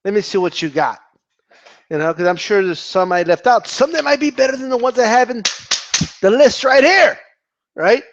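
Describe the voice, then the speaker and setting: Animated man ranting about boxing fans. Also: high-pitched, normal speed, long pauses, muffled recording. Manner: animated, profane, rambling with restarts. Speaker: boxing commentator. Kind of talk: casual vlog commentary.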